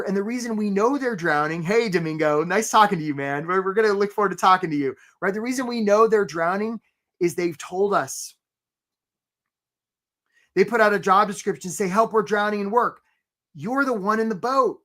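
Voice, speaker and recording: A man's voice: high-pitched, fairly quick, fairly bright tone. A man hosting a live career webinar, talking in an upbeat, conversational way, greeting attendees by name and often asking "right?". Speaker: webinar host and career coach.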